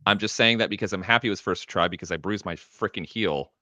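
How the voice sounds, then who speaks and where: A man chatting as a guest on a live stream, laid-back and casual, swearing freely and trailing off into quiet mumbles. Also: low-pitched, fast, no echo.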